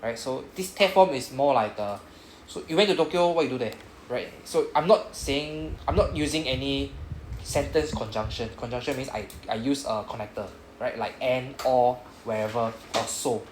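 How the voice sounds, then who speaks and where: A man's voice: medium pitch, moderate pace. Man, Singaporean English accent, classroom teacher, checks in with "right?", echoey room, light background hum. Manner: says "right?" after nearly every sentence, coaching students. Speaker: Japanese language teacher. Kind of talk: classroom lesson explaining grammar.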